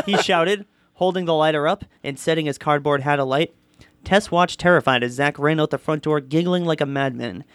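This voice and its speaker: A man co-hosting a podcast, reading a listener's story aloud in an animated way. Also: a little high, a little fast, dry recording, clean studio sound. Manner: animated reading, often breaking into laughter. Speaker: podcast co-host.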